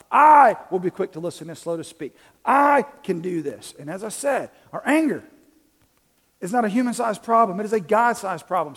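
A man preaching a sermon in a church, conversational, swinging from quiet asides to loud, animated bursts. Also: sits high. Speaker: pastor. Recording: long reverb in a large hall.

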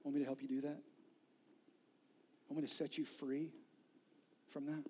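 A man's voice: fairly high pitch, level tone, normal speed, a little mellow, breathy edge. A man preaching, voicing Jesus as a kind, patient, coaxing figure in a sermon. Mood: gentle. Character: gentle reassuring male Jesus speaking to a believer.

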